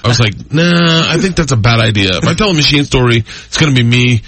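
Man, husky voice, lively swooping pitch, rambling excitable stories, dry close sound. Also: fast, no room sound. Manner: rambling, excitable storytelling with frequent laughter. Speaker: comedian guest. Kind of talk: casual podcast chat.

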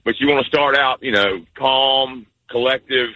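A male EMT calling in to a radio show, talking easily with many pauses and fillers. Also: medium pitch, bright, forceful tone, no room sound, dull audio. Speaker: caller, EMT. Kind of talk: phone-in conversation.

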